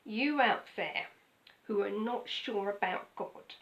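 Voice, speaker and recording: A woman's voice: medium pitch, slow pace, fairly bright tone, low-quality recording. An older woman pastor, giving a chatty, conversational sermon with frequent "okay?" asides. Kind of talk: casual sermon.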